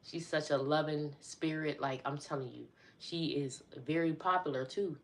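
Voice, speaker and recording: A woman's voice: low-pitched, fairly even intonation, normal speed. A middle-aged woman chatting casually on a live stream, talking to her viewers as y'all.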